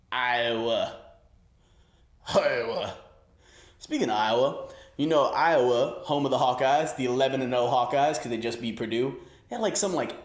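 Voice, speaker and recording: Joking, slangy young man in an echoey room. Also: mid-range voice. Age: 20s. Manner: loose, joking, slangy riffing. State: a little winded. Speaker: host. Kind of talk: stand-up sports comedy. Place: room with an audience.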